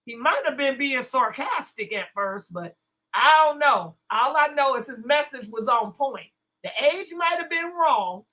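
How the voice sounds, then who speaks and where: A woman's voice: on the high side, pushed and bright, poor audio. A woman hosting a casual livestream, sassy and blunt as she talks back to her chat. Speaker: livestream host.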